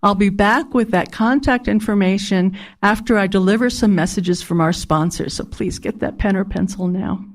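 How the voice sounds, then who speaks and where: Woman radio host, mid-pitch, earnest and deliberate when reading out numbers and details. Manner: spells out numbers and addresses slowly and deliberately; earnest, pleading with listeners to get in touch. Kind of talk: community radio announcements. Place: radio studio.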